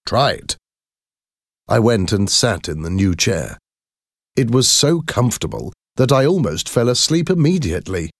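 A man reading a first-person story aloud in a slow, measured, clear way. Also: mid-range voice, big pitch swings, dry recording, clean studio sound. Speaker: narrator.

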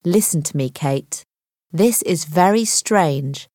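A woman voicing a calm, level-headed young man, a law student, reassuring his girlfriend in a dry recording. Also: deep voice, slow, no room sound, full character voice.

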